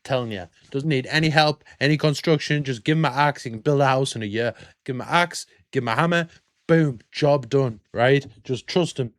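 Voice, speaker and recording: A British man hosting a casual reaction video, chatty and quick to laugh. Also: medium pitch, no room sound, clean studio sound. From Britain.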